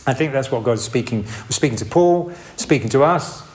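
A man's voice: medium pitch, lively intonation, a little fast, darkish tone. A man giving a casual, rambling sermon. He restarts often and makes asides. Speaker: preacher. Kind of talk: informal sermon.

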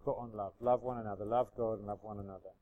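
A man giving a conversational sermon as the pastor, slowing down to read scripture aloud. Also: on the low side, fairly even intonation, phone-quality sound. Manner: conversational preaching with fillers, slows and lifts his voice when reading scripture.

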